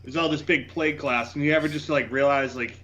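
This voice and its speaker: A man's voice: medium pitch, steady tone, a little fast, a bit bright, highs cut off, slight background noise. A man telling stories in casual podcast chat, laughing and swearing often.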